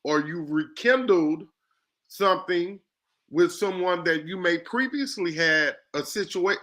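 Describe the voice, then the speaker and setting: A man hosting a casual discussion, animated and joking as he lays out scenarios. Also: high voice, unhurried. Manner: animated, poses scenarios, jokey asides.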